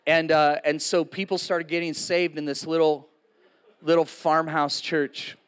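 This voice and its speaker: A man's voice: fairly high pitch, flat delivery, measured pace, smooth. A man in his sixties preaching a sermon to a congregation, casual and joking, with frequent asides to the audience. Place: in front of a live congregation.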